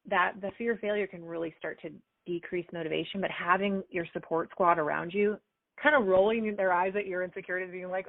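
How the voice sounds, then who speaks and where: A woman in her forties, a performance coach answering interview questions in an energetic, chatty way. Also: lowish voice, fairly quick, no room sound. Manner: energetic, chatty, acts out little quoted exchanges. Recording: dry, phone-like remote call audio.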